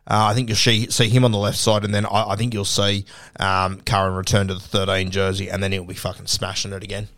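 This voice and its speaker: A man's voice: on the low side, level tone, quick pace, fairly bright tone, no room sound. Sweary man telling a yarn, dry sound. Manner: storytelling, heavy swearing, laughing asides. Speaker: podcast co-host. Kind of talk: casual sports podcast chat.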